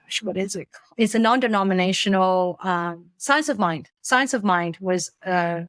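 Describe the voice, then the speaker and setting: A woman in her forties, a podcast guest speaking candidly in casual conversation, halting often with fillers and restarts. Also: mid-range voice, fairly bright tone, no room sound. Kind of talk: casual conversation, personal storytelling.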